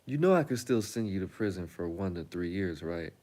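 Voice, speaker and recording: A man's voice: sits low, animated, dark tone. A man putting on a stern lady judge. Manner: measured, scolding, then casual and slangy. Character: stern female judge lecturing a defendant.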